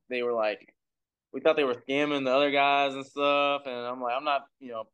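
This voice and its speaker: A young man from Texas, a pro baseball pitcher, telling stories in a laid-back, rambling way as a podcast guest. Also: smooth, lo-fi sound. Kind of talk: casual storytelling. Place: recording for a podcast.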